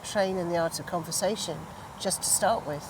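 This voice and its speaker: A woman's voice: lowish voice, normal speed. A woman trainer talking through her views in an outdoor interview, emphatic, acting out quoted exchanges with a pointed tone. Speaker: trainer for estate agents, guest. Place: outdoors by a towpath with passing traffic. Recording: outdoor recording with clear street noise.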